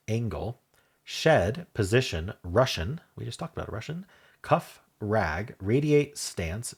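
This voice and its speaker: A man's voice: lowish voice, creaky, slightly rough. A man hosting a puzzle game channel, thinking aloud in a casual, hesitant way as he works through word puzzles. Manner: muses aloud, hesitant and self-correcting.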